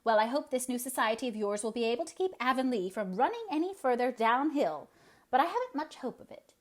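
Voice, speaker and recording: A woman's voice: a little high, very animated, fairly quick, darkish tone, pitched above the performer's own voice. Woman doing a sour, scornful old spinster. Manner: scornful, contemptuous.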